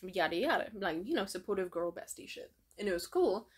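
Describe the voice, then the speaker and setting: A woman's voice: medium pitch, a little fast, breathy edge. A young adult woman telling a long story on her vlog in a casual, profane rant full of "like" fillers. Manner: profane, heavy filler words, animated retelling. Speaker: vlogger.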